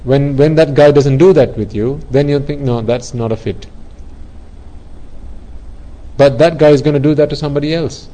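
A man's voice: on the high side, fairly even intonation, fast talker, warm tone, poor audio. A man giving an earnest Buddhist dharma talk, explaining ideas through everyday examples and often repeating himself. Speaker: Buddhist teacher.

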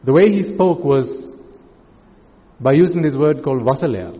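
A man, a Buddhist monk, giving a calm sermon full of rhetorical questions. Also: fairly high pitch, normal speed, pauses often. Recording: muffled, with long hall reverb.

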